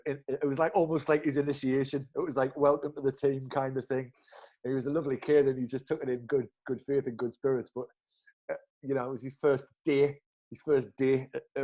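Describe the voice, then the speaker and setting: A man's voice: medium pitch, a little fast, dull audio. Northern English man telling a story. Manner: animated, chuckling anecdote telling with northern slang. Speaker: podcast co-host. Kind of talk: casual storytelling chat.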